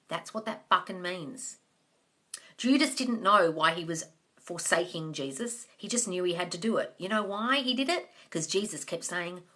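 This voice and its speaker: Her voice is lowish yet bright and forceful as she runs a live manifesting Q&A, swearing and giving blunt, casual guidance to listeners she calls "guys" and "darling." A phone or webcam captures her on the live stream.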